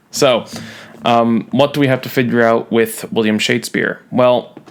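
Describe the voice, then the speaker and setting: Gravelly, slow-talking playful male teacher. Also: mid-range voice, steady tone. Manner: playful, jokey, drawn-out emphasis on key words. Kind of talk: recorded classroom lecture.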